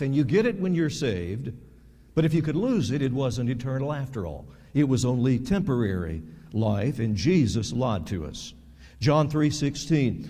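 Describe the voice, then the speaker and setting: A pastor delivering a sermon in a mellow, warm voice, his words ringing out with a long echo through a large church sanctuary. He preaches emphatically, hammering words through repetition and swinging from loud peaks to low, quiet drops. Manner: emphatic preaching with sharp swings in loudness and pitch, repeating words for stress. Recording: long reverb of a large hall.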